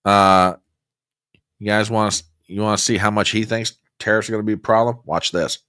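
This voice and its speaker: A man hosting a political commentary show, talking in an animated, exclamatory and mocking way. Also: on the low side, brisk, smooth, dry recording, studio quality. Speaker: host.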